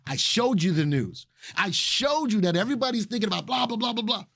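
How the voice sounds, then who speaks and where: A man hosting a live stock analysis webinar, excited and repeating phrases for emphasis while he talks to chat viewers. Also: high voice, fairly quick, vocal fry, no room sound, studio quality. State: excited and sweating. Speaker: stock market webinar host.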